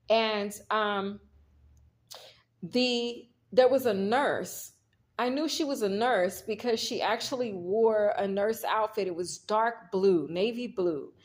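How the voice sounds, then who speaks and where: A woman gives a casual tarot reading to her viewers. She rambles through the story in an easy, chatty way, often speaking straight to the audience. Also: mid-range voice. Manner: rambling, talks straight to viewers, retells scenes quoting herself. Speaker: tarot reader.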